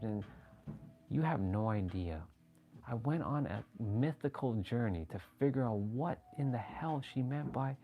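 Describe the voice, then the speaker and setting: A man hosting a casual livestream, talking excitably with rambling restarts and sudden jumps in voice as he relives moments, swearing freely. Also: mid-range voice, unhurried. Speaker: livestream host. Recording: faint background music.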